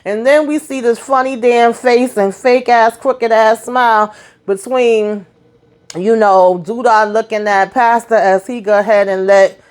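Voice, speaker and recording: A woman hosting a casual TV episode recap, animated and chatty, talking straight to her viewers. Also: fairly high pitch, unhurried. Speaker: TV recap host.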